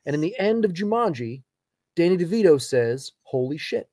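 A man in his thirties co-hosting a podcast, telling family stories in a casual, animated way and laughing along. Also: a little high, normal speed, no room sound. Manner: animated storyteller, laughs through his anecdotes. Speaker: podcast co-host. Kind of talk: casual chat.

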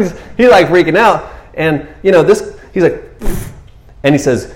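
A man preaching a sermon who tells the story with animated energy, acting out scenes in high, excited voices and laughing along the way. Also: moderate pace, reverberant. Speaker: pastor.

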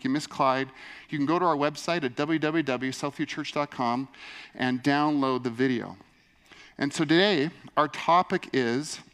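A man's voice: a little high, a bit bright, smooth. A male pastor delivering a sermon in an earnest, conversational way, telling a personal story and leaning on "and so anyways".

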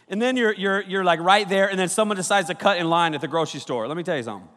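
A man preaching a comedic sermon to young people, telling stories with lots of energy and jumping into high voices when he quotes people. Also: fast talker, few pauses, in a large hall. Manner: animated storytelling, jumps into high voices for quotes. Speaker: pastor.

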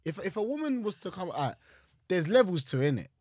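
A young man, chatting on a casual podcast and telling stories in an animated way, with his voice jumping up when he gets excited. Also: high-pitched, fast, no echo. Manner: animated storytelling, voice jumps up in excitement. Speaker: guest co-host.

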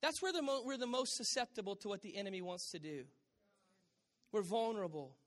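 Pastor, man, higher voice, lively stage preaching with crowd asides, handheld mic. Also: brisk. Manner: animated preaching with audience asides. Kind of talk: sermon. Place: church stage.

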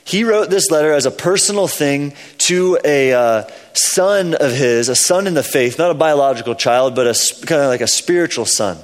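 A man preaching a relaxed, conversational sermon as a pastor in a church. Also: a little high, moderate pace, few pauses, long reverb tail. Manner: conversational, chatty with fillers like "man" and "kinda". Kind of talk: casual sermon. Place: church sanctuary.

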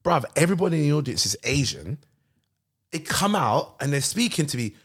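A man with a London accent, hosting a podcast and telling stories in animated, slangy casual chat. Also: on the high side, fairly quick, breathy edge. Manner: animated storytelling with slang like bruv. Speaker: podcast host.

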